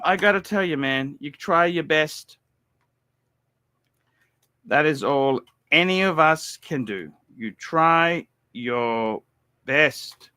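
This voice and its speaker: A man hosting a watch livestream, rambling and cursing, repeating himself and swinging between loud outbursts and low mumbles. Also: clean tone, no echo. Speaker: livestream host.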